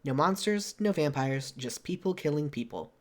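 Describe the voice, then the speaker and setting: Male streamer reading game text aloud, fairly high voice, laughs and swears casually. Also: lively intonation, normal speed. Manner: reads steadily, breaks into laughter and casual swearing.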